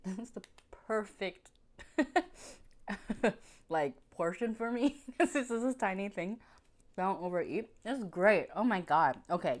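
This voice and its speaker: A young woman food vlogger, chatty and effusive, talking casually between bites and laughing often. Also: mid-range voice. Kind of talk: casual mukbang food review.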